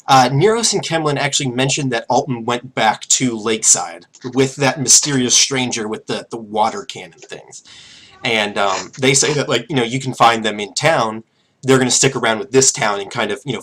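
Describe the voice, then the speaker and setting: Male game master, casual filler-laden narration, mid-pitched everyday voice. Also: a bit bright.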